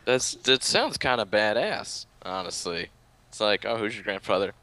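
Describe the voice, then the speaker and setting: Bright-voiced man, loose and swearing. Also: on the low side, animated, normal speed. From United States. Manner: loose, swearing, laughs readily. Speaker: podcast co-host. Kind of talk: casual chat.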